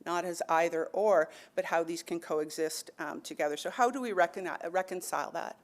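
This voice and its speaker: A woman's voice: fairly low pitch, moderate pace. A woman speaker on an education panel, telling a traditional story with animation, then talking thoughtfully with many fillers. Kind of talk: oral storytelling and panel talk.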